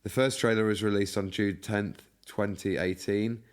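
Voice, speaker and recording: A man's voice: lowish voice, fairly even intonation, normal speed. A man co-hosting a gaming podcast, reading out news in a hesitant way with many fillers. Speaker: podcast co-host. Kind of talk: casual podcast chat, reading news notes.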